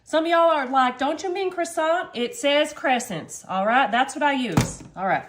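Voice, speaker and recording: A woman's voice: sits high, sing-song, moderate pace, echoey room, noisy background. A woman hosting a casual home cooking video, chatty and self-joking, calling her viewers "y'all.". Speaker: home cooking channel host. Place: home kitchen.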